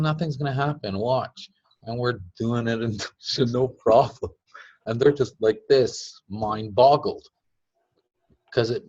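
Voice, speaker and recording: A man's voice: mid-range voice, breathy edge. A man teaching casually, chatty, laughing often and acting out quotes. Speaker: teacher of a device-building group. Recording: dull lo-fi sound.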